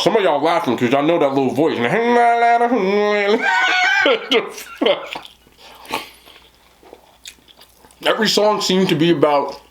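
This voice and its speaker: Recorded with a little hiss or hum, a mukbang host in his thirties with a fairly high voice and a New Jersey accent rambles to the camera. He laughs a lot and repeatedly throws in "you know what I'm talking about."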